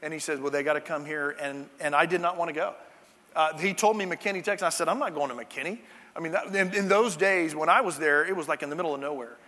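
A man's voice: fairly high pitch, quick pace, bright, forceful tone. A male pastor giving a conversational sermon, with chatty, jokey asides to the congregation, in a church sanctuary. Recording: long church-hall reverb.

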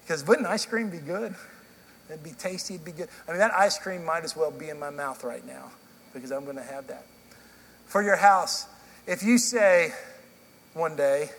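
A middle-aged male pastor preaches in a fairly high voice, telling stories in a loose, conversational way and often restarting his sentences. His words ring out with a long hall reverb in a church, and a faint hum sits underneath. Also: creaky, a bit bright. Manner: conversational storytelling with frequent restarts. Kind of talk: sermon. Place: church sanctuary.

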